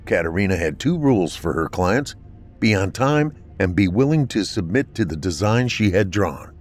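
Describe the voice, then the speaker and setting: Deep-voiced man narrating a horror story. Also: soft background music. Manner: steady, measured storytelling.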